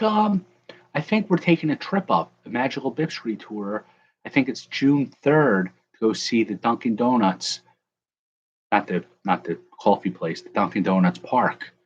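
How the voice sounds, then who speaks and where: Ripping card packs on a livestream, this young host banters with viewers and calls out chat members by name. He sounds husky and expressive, pitched on the low side, talking at normal speed on a recording missing its high end.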